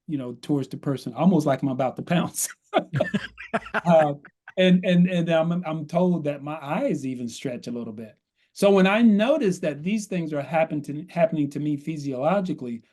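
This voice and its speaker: A man's voice: a little high, warm tone. A man who is a guest on a podcast, explaining workplace advice in numbered steps and often checking in with "right?". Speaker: guest coach on workplace conversations.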